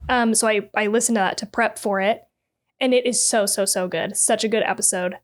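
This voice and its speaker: A woman's voice: medium pitch, fairly even intonation, fairly quick. A woman co-hosting a casual horror-movie podcast, giggly and rambling, with many fillers. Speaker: podcast co-host. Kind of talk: casual chat.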